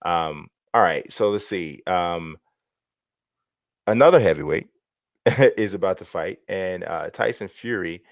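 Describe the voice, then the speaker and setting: A man's voice: low-pitched, a little slow, creaky, dry recording, studio quality. A man co-hosting a casual boxing chat, rambling and restarting his sentences, often laughing. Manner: rambling, laughs a lot, self-interrupting. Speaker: boxing podcast co-host.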